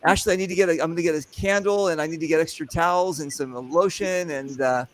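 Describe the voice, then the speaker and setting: A man's voice: on the high side, fast. A man hosting a casual live chat, telling long rambling stories with plenty of profanity. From California. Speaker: host.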